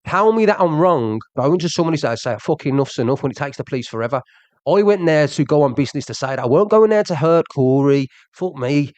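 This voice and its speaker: Talking quickly in a slightly high, expressive voice with a darkish tone, a young streamer rants angrily at his viewers. He keeps repeating himself and pushing them with questions like "do you understand." There is no echo.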